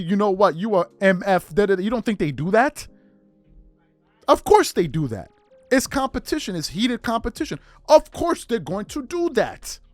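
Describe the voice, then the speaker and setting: Podcast host, man, heated opinion rant, high and very animated, dry close sound. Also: no room sound. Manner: heated, rhetorical questions, emphatic repetition.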